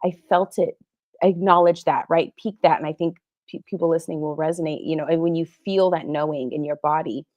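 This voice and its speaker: A woman's voice: low voice, fairly even intonation, fairly quick, darkish tone, muffled recording. A middle-aged woman speaking as a guest psychotherapist in an interview, talking earnestly and emotionally about her own past. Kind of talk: candid interview talk.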